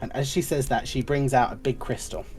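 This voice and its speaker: A woman narrating a tabletop game as game master, in a lively, playful way. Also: very deep voice, a little fast, faint music behind.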